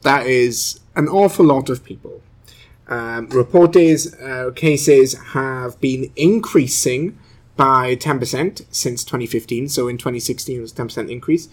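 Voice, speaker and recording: A man's voice: mid-range voice, a little slow. A man co-hosting a casual podcast, chatty and jokey, laughing often while he talks. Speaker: podcast co-host.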